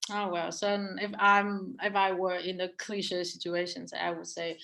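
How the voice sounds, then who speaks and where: Earnest, halting woman on a video call. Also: fairly low pitch, level tone, gravelly, sharp tone, poor audio. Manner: halting, frequent restarts and fillers; earnest storytelling about past interviews. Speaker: webinar co-presenter. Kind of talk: casual online webinar talk.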